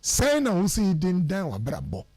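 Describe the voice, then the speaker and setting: Husky man giving animated life advice. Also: high-pitched, a little slow, no room sound. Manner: lively, mixes English phrases into his talk. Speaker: radio guest speaker. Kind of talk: preachy life advice on radio. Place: radio studio.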